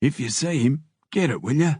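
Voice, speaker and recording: A man voicing a rough, blunt male prisoner with a husky, dark voice. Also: mid-range voice, expressive, normal speed, no echo, studio quality, voice pushed up. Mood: gruff. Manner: blunt, crude. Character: rough male prisoner, loyal tough mate.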